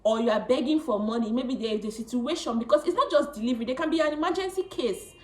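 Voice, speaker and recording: A woman in her late twenties telling a personal story to camera, chatty and animated, often laughing. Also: a little high, fast talker, echoey room, low-quality recording. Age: late 20s. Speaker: vlogger.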